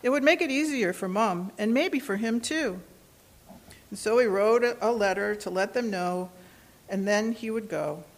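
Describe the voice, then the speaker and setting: A woman reads a children's storybook aloud, gentle and expressive, at medium pitch and a moderate pace.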